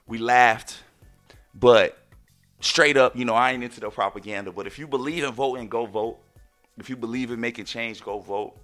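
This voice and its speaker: A man hosting a podcast, telling stories in a casual monologue with loud, excited exclamations, and addressing listeners as "ladies and gentlemen". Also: medium pitch, moderate pace, soft background music. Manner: animated storyteller, bursts into loud excited exclamations. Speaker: podcast host.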